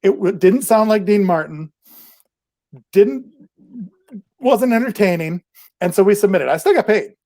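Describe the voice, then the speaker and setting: A man's voice: sits high, lively intonation, a little slow, pauses often, a little mellow. A man hosting a podcast, telling a long story in a loose, rambling way, laughing often and saying "like" a lot. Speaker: podcast host. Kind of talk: casual storytelling chat.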